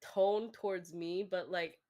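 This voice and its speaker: A woman's voice: fairly low pitch, fairly even intonation, slow, dark tone. A woman streamer chatting casually with a guest, laughing often and restarting her sentences.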